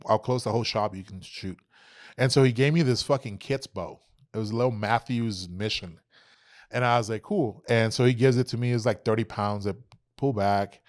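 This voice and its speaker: A young adult man, a podcast guest, telling an animated, profane story and acting out quoted dialogue. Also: fairly low pitch, normal speed, no room sound, studio quality. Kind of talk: casual storytelling.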